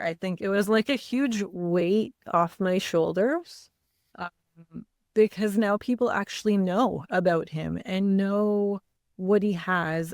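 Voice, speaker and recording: Slow, candid woman sharing her story. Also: medium pitch, dry recording, clean studio sound. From Canada. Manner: candid, halting, many fillers. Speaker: guest, mother. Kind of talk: personal interview storytelling.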